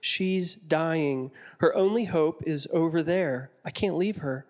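A man's voice: a little high, brisk, big-room sound, natural voice. A man voicing a desperate father who pleads in a whining voice for his sick child in a storybook reading. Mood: pleading.

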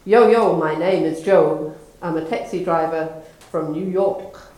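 A woman's voice: fairly low pitch, measured pace, mellow, natural voice. A woman voicing a brash young male taxi driver in a joke, in an echoey room.

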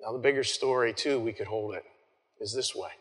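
A man preaching an Easter sermon as pastor, talking conversationally with frequent restarts and soft trailing phrases. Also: fairly low pitch, brisk. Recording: long hall reverb.

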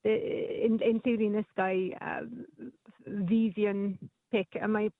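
A woman's voice: mid-range voice, flat delivery, slow pace, no echo. A woman telling local stories as a radio guest, chatty, with plenty of ums and restarts. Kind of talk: casual radio chat. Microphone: phone. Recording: phone line.

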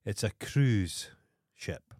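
A Scottish man on a podcast, talking in a lowish voice with blunt, profanity-laden rants. The sound is dry and close, with no room around it. He keeps to a loose, conversational chat. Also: animated, very slow, darkish tone, dry recording. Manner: blunt, heavy swearing, ranting. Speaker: podcast co-host. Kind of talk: casual chat.

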